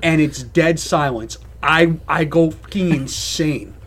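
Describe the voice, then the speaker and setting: A man's voice: on the high side, slow pace, fairly bright tone, slightly rough. A young man co-hosting a casual podcast, ranting animatedly and swearing freely. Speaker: podcast co-host. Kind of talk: casual chat.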